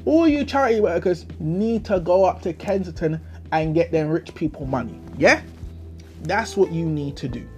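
A man's voice: a little high, normal speed. Young London man, podcast host, slangy and worked-up, voice swinging up and down, faint music underneath. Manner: animated, indignant, heavy slang, rhetorical questions. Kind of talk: solo storytelling rant.

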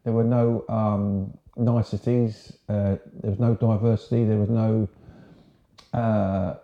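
A man's voice: on the low side, flat delivery, takes it slowly, dark tone. A man in his sixties from Sussex, England, a former marine telling his story in a casual, frank, rambling way. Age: 60s. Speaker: guest, ex-marine. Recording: roomy, dull lo-fi sound.

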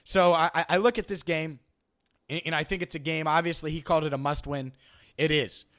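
A man's voice: on the high side, fairly even intonation, brisk, fairly bright tone. A man hosting a sports podcast, analyzing his team and arguing with imagined critics, often repeating himself as he starts a thought. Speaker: podcast host.

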